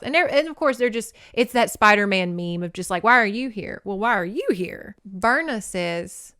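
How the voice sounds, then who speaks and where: A woman podcast host giving a campy, animated comedic recap of a novel and slipping into character voices. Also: mid-range voice, smooth, no room sound, clean studio sound.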